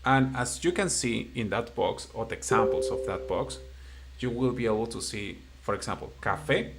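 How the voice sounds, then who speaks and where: Male tutor, gravelly voice, patient and encouraging with a beginner. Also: mid-range voice, slight background noise. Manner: patient, encouraging, explains slowly in simple English. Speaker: Spanish teacher. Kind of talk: live-streamed online language lesson.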